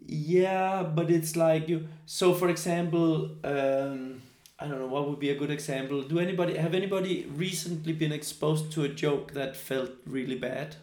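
A man who is not a native English speaker leads a group workshop. He talks haltingly, thinking aloud with many fillers. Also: on the high side, steady tone, a little mellow. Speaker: workshop leader. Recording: echoey room.

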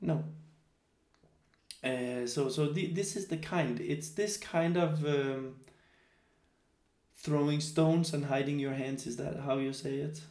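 A man who is not a native English speaker leads a group workshop. He talks haltingly, thinking aloud with many fillers. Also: a little high, darkish tone. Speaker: workshop leader. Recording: echoey room.

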